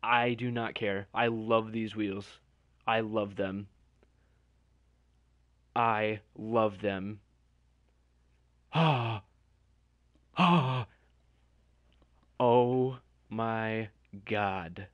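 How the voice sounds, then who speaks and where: A man's voice: lowish voice, extremely slow, pauses often, no echo, highs cut off. A young man doing live stream commentary, chatting directly to his viewers.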